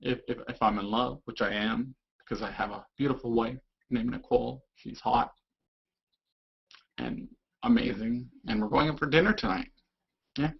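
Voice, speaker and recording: A man's voice: mid-range voice, normal speed, creaky, husky. A young man chatting casually on a live stream, rambling and goofy, slipping into silly voices now and then. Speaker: vlogger. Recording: dull lo-fi webcam audio.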